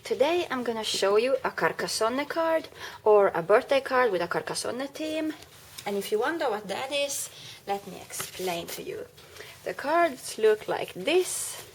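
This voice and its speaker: A chatty craft video maker explains a project step by step in a casual tutorial, making small self-corrections along the way. Her voice is a little high and animated, at a measured pace, with a slight hiss or hum in the recording.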